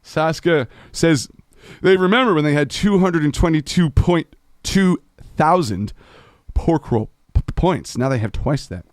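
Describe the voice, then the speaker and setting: A man's voice: a little high, animated, a little slow, no room sound, clean studio sound. A man chatting on a live stream between folk songs, laid-back, swearing casually and laughing at his own jokes.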